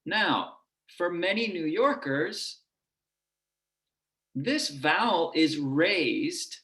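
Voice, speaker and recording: Lecturer, male, lower Midwest accent, slightly high voice, explanatory delivery, echoey room. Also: expressive, very slow, pushed and bright. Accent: lower Midwest American. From United States. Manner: explanatory, demonstrating vowel sounds. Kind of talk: online lecture.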